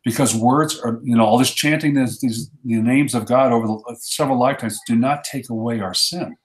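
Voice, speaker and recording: A man's voice: mid-range voice, a little fast, reverberant. A man in a casual chat who tells his stories with conviction and acts out the quotes. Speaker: ministry guest.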